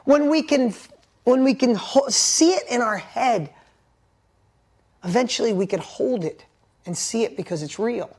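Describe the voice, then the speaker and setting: A man coaching a live online workshop, talking in an energetic, emphatic way and reading viewers' messages aloud. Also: very high-pitched, a little slow, long pauses. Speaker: motivational coach.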